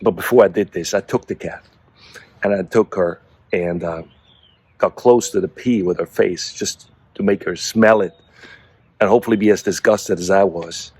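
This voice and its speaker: A man's voice: sits low, moderate pace, a little mellow, husky, no echo. A middle-aged man casually telling a story to the camera, amused and chuckling between phrases. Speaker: vlogger.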